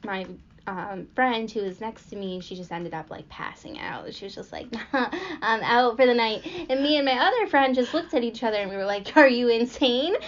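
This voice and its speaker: A woman's voice: medium pitch, expressive, brisk, slight background noise. A young woman hosting a podcast, telling a story casually with lots of fillers and little laughs. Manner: rambling with frequent fillers and giggles. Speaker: podcast host. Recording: dull lo-fi recording.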